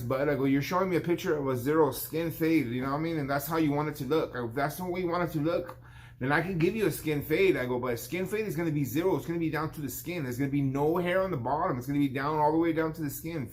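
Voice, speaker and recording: A man's voice: a little high, fast talker. A man in his fifties, a barber hosting his own vlog, telling a shop story in a rambling, casual way and acting out his client's lines. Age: 50s.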